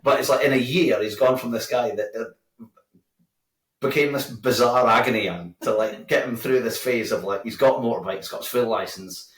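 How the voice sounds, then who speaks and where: A man's voice: mid-range voice, fairly quick. A man, a bar owner chatting as a guest, rambling with lots of restarts. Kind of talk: casual interview chat. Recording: roomy sound from a distant mic.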